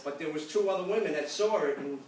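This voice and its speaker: An older man with a high-pitched voice tells stand-up jokes at a church gathering and chuckles at his own punchlines. He was recorded from far across an echoey hall. Loud background noise runs under the whole recording. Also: quick pace. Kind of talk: stand-up joke telling. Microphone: phone camera across the room.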